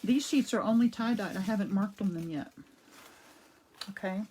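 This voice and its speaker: A woman's voice: medium pitch, normal speed, dark tone, slightly rough, low-quality recording. Chatty woman giving a live art demo. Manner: chatty, greets viewers by name mid-demo; rambling, with frequent restarts and asides. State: talking around a cough drop. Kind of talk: casual live-stream craft demo. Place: home art studio.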